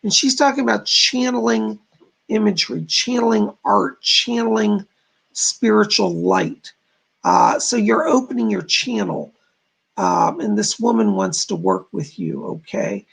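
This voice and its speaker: A man's voice: sits high, a little slow, gravelly, a bit bright, husky. A man hosting a live stream as a psychic medium, reading viewers' comments aloud and passing on spirit messages in an informal way. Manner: informal, repeats "I gotta tell you".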